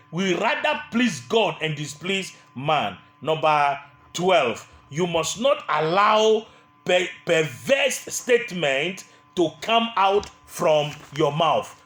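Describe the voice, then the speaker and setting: A man's voice: sits high, fairly bright tone, reverberant. A man preaching a sermon, emphatic and repetitive, sometimes mimicking the people he criticizes.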